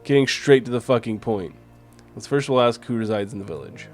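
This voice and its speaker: A man's voice: mid-range voice, brisk, faint music behind. A man streaming a game, commenting casually, swearing freely and reading on-screen text aloud.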